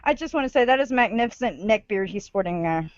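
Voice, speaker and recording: A woman's voice: medium pitch, animated, fast talker, dull audio. A woman on a stream reading an article aloud, breaking off with sarcastic comments. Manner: sarcastic asides while reading. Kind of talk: casual chat and reading aloud.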